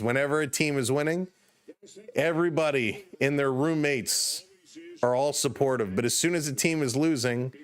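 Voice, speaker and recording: Hosting a livestream of a baseball game, this Canadian-accented man from Toronto mixes casual play-by-play with replies to chat, greeting viewers by name. His medium-pitched voice moves from calm to excited, and he's clearly tired, having stayed up past bedtime for the late game.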